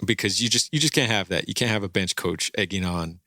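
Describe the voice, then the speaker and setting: Male podcast co-host, forceful bright voice, emphatic casual sports talk. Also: low voice, fast talker, no room sound, clean studio sound.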